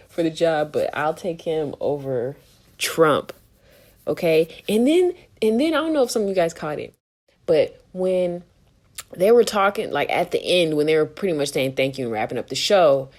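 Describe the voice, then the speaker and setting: A woman's voice: low-pitched, a little mellow. A woman co-hosting a podcast, talking candidly and with plenty of swearing, exasperated and laughing often. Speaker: podcast co-host. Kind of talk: casual opinion chat.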